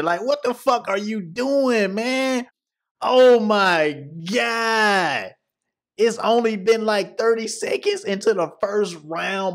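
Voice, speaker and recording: A man hosting a reaction video, trash-talking in a profane, mocking, excitable way, his voice going hoarse. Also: high voice. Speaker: YouTube reaction host. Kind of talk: casual reaction commentary.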